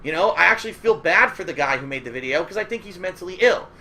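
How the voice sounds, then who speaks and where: Bright-voiced man ranting on stream. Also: high-pitched, lively intonation, fast. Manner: profane, indignant ranting.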